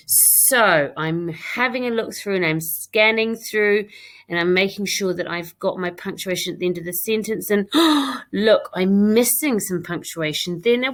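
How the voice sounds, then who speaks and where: A woman's voice: medium pitch, a bit bright. British woman teaching a children's lesson. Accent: British English. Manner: reads her own writing aloud, then talks it through step by step. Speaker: primary school teacher. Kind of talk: recorded online English lesson.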